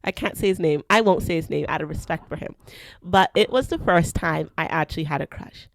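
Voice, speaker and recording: A young woman from Canada hosting a podcast, telling a school story in a chatty, animated way and acting out the quotes. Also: sits low, brisk, vocal fry. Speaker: podcast host. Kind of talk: casual storytelling.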